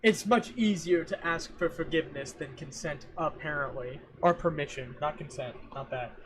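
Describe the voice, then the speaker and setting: A man's voice: fairly high pitch, normal speed. A young man streaming live, rambling and joking with his chat while he sets up his audio. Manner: rambling, jokey, talks to himself and chat. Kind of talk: casual rambling livestream chat. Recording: faint fan noise behind a home mic. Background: fan running.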